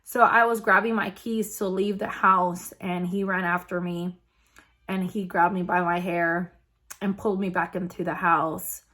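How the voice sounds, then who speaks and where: A woman vlogger telling a personal story in a casual, halting way, with many fillers and restarts. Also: fairly low pitch, flat delivery, bright, forceful tone.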